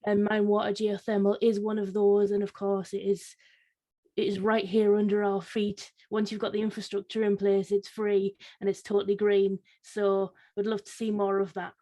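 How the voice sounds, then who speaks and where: A woman's voice: medium pitch, monotone, normal speed, mellow. A woman speaking as a guest on a political panel, hesitant with many fillers and restarts. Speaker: panel guest, Labour councillor. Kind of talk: casual panel discussion.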